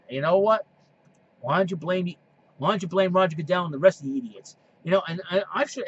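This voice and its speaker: A man's voice: sits high, a little hiss or hum. A man hosting a solo sports and wrestling podcast. He rambles and restarts his sentences, then slides into heated rants that scold opposing fans. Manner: rambling, repeats himself and restarts. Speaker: podcast host. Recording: dull lo-fi recording.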